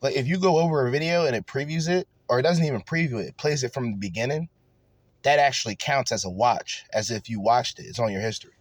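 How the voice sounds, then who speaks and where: A man rants through casual reaction commentary, crude and mocking, with profanity in every other line. His voice sits at a middle pitch. The sound is dry and close, with no room around it. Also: fast, dry recording. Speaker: commentary podcast host.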